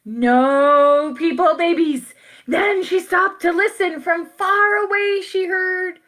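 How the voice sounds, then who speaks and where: A woman's voice: extremely high pitch, takes it slowly. Playful woman reading a children's book. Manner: playful, expressive, asides to listeners. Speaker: children's story reader. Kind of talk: reading a picture book aloud.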